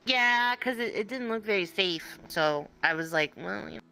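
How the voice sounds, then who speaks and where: A woman's voice: medium pitch, expressive, normal speed, bright, forceful tone, soft background music. A woman in an online roleplay, playing a character and narrating as game master, stammering and rambling as she talks. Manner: stammering, rambling, restarts a lot. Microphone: online voice chat.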